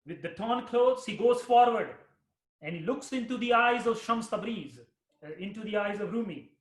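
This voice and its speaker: A man, a spiritual teacher, telling a mystic story slowly and dramatically, repeating lines for effect. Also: high-pitched, animated. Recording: roomy echo.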